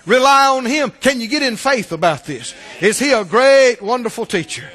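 A man with a high-pitched voice preaches a sermon, rising into emphatic shouts and sinking to quiet asides. The sound carries a long reverb, as in a large church hall. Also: lively intonation, moderate pace.

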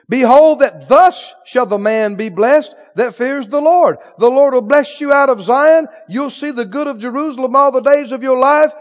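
A male preacher with a high voice delivers a sermon, playing out little back-and-forth dialogues with himself and calling on the congregation to answer. His voice rings with a long reverb and a muffled, dull tone. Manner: acts out inner dialogue with the audience in call-and-response.

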